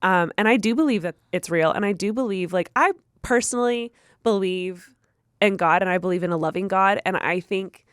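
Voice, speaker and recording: A woman's voice: mid-range voice, fairly quick, clean tone, no room sound, clean studio sound. Earnest young woman podcast host. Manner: earnest, storytelling, stops to restate details. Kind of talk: casual chat and reading a listener story aloud.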